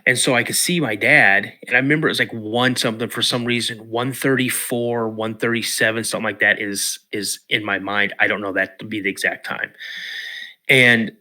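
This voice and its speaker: A man from the Pacific Northwest of the US, a podcast guest telling a personal story in an emotional, halting way. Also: lowish voice, steady tone, bright, forceful tone. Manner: emotional, halting retelling with restarts.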